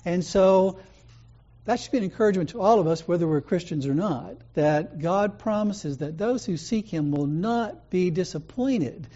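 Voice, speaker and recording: A man's voice: high voice, moderate pace, warm tone. Man preaching in a dull, muffled recording. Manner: conversational storytelling preaching. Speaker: pastor. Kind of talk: sermon.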